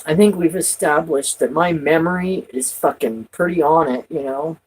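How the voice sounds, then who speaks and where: A woman with a husky, breathy voice talks to the camera in a rambling, profane way. She starts lines over and over, jumps between loud outbursts and quiet asides, and lets her sentences trail off. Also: deep voice, normal speed, poor audio. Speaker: vlogger. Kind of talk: rambling personal talk to camera.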